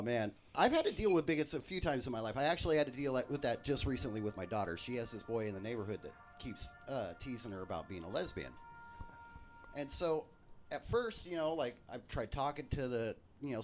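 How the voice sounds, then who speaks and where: A man hosting a live stream, telling comic stories from his life in a profane, animated way. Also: mid-range voice, slight background noise. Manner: profane, animated, quick jokes. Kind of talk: comedic storytelling.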